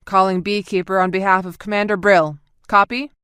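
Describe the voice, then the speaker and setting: A woman doing a gruff male marine private. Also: medium pitch, little pitch movement, a little fast, a bit bright, dry recording, studio quality, close to an everyday voice. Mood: terse.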